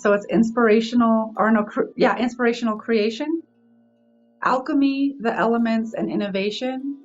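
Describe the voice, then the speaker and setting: A young woman with a slightly high voice reads oracle cards, enthusiastic and exclaiming. The audio is a little dull, with faint music underneath. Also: normal speed. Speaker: co-host, card reader. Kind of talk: oracle card reading chat.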